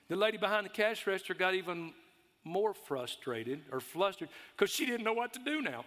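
A man's voice: on the high side, animated, brisk, pushed and bright. A man with a Texas accent preaching a sermon in a folksy, storytelling way to a church congregation. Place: church sanctuary. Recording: long reverb of a large hall.

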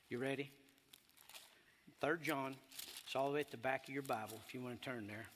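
A man preaching a sermon as pastor, his voice climbing high and loud when he presses a point. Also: fairly quick, a little hiss or hum. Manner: animated preaching, voice rising high and loud on emphasis. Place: church hall. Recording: long hall reverb.

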